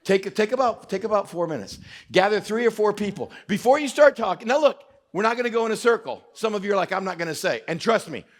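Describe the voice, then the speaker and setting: Animated, high-voiced pastor from West Texas. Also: male voice. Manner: storytelling with self-mocking humor, often laughing. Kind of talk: interactive sermon to a young adult crowd. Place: church meeting hall.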